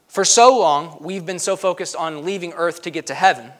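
Guy preaching, pretty high voice, gets loud then quiet, cracks jokes. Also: moderate pace. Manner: lively and emphatic, jokes asides, swings between loud and hushed. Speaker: pastor. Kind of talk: sermon.

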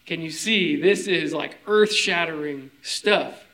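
A young adult man gives a casual, conversational sermon, often stopping to check that his listeners follow. His voice sits a little higher than most men's. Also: takes it slowly, sharp tone, low-quality recording. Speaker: pastor.

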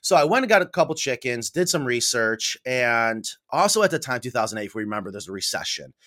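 A middle-aged man from New York State, a podcast guest telling stories in a casual, animated way and acting out the voices he quotes. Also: mid-range voice, fast talker. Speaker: podcast guest, coop builder. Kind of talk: casual storytelling interview.

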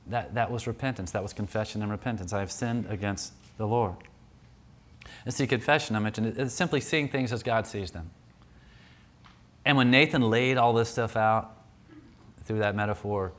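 A man's voice: lowish voice, fairly bright tone. Man preaching a conversational sermon. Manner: conversational storytelling with many restarts.

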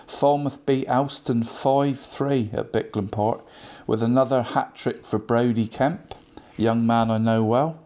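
A chatty man rattles through local football scores in a casual radio roundup. His voice sits at an average pitch, and he keeps calling his co-host "mate", with plenty of ums and restarts along the way. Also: a little mellow. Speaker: local football results presenter.

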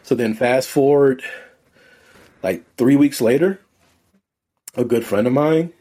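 A man, a podcast guest, telling a personal story in a relaxed, rambling way with many fillers. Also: medium pitch, slow pace. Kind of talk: casual conversational storytelling.

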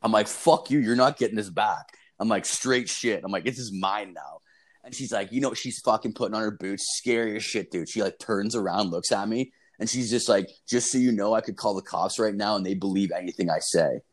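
A young man with a somewhat low voice spins a rambling, profane story. His delivery is loose and casual, packed with filler and curse words. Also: brisk, husky.

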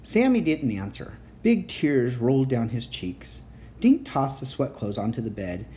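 A woman reading a children's chapter book aloud in an expressive, animated way. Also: rumbling low, unhurried, a little hiss or hum. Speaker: reader.

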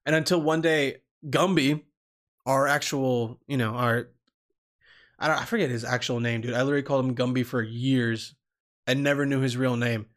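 A man's voice: mid-range voice, fairly even intonation, normal speed, a bit bright. A man telling a long personal story in casual talk, rambling with restarts and swearing freely. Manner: rambling, swears freely, acts out quoted people.

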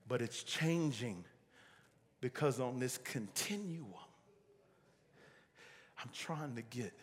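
A man's voice: medium pitch, animated, takes it slowly, long pauses, fairly bright tone. A man preaching a sermon, emphatic and repeating his key lines for weight. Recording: long hall reverb.

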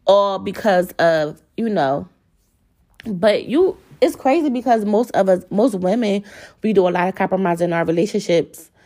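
A woman's voice: on the low side, measured pace, a little mellow. A young woman hosting a podcast, speaking candidly and profanely to her listeners and getting worked up. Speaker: podcast host. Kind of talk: casual monologue.

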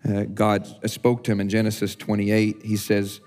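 A man's voice: lowish voice, monotone, normal speed, darkish tone. A male pastor preaching a conversational sermon, with frequent restarts and repeated words.

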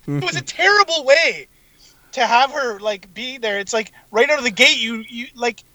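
A man's voice: extremely high pitch, big pitch swings, moderate pace, sharp tone, no room sound, poor audio. A man co-hosting a casual podcast, blunt and exasperated, swearing often as he complains about a TV show. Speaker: podcast co-host. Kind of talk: casual chat.

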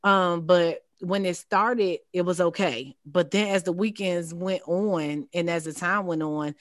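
A woman telling a personal story in casual chat, animated and laughing, jumping much higher when she quotes herself. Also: measured pace, no echo, studio quality. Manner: animated, laughing, leaps high in quoted lines. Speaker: podcast guest.

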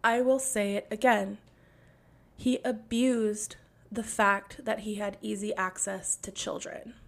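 A woman's voice: mid-range voice, flat delivery, slow, creaky. A young woman hosting a podcast, delivering an angry, sarcastic and profane monologue. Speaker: podcast host.

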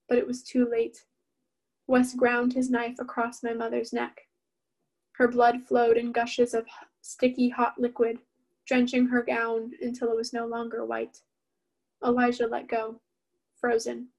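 A woman reading her own novel aloud in the first person, steady and even-toned. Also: on the high side, a little slow.

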